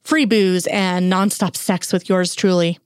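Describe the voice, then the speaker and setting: Woman doing a cocky smooth-talking guy. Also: lowish voice, steady tone, a little slow, no room sound, studio quality, close to an everyday voice. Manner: slick, sarcastic, pushy. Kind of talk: audiobook character voice.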